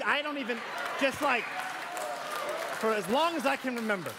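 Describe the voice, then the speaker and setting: A man preaching a sermon in a church, conversational and animated, with playful asides. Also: extremely high pitch, normal speed, pauses often, crowd noise, noisy background. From US South. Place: church sanctuary. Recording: church hall with long reverb.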